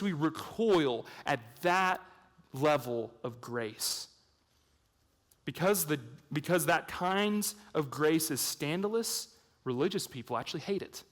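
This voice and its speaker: A man preaching an evangelistic sermon, swinging between hushed intensity and loud emphatic points, with chatty storytelling asides. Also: a little high, expressive, a little slow. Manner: conversational storytelling with fillers. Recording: long reverb of a large hall.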